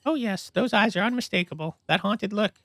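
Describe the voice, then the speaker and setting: A man's voice: sits high, fairly quick, fairly bright tone, no echo, pitched above the performer's own voice. A man doing a catty, gossiping diner owner. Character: gossipy middle-aged woman diner owner.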